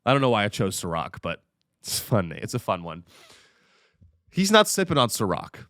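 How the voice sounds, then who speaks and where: Sarcastic ranting comedian, lively pitch. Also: male voice, moderate pace, dry recording, studio quality. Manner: sarcastic, profane, animated ranting. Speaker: comedian podcast host.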